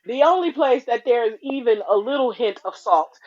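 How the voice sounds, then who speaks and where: A woman in her forties co-hosting a podcast, a blunt, profane and animated storyteller in casual chat. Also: on the high side, normal speed, muffled recording. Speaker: podcast co-host.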